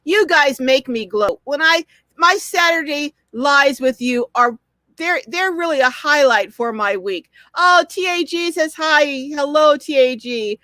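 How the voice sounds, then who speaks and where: Older lady hosting her live chat, high voice, gushing hellos to everyone. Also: animated, a little slow, sharp tone, no echo. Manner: chatty, effusive greetings to viewers. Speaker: host of a live stream. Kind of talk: casual live-stream chat, reading comments.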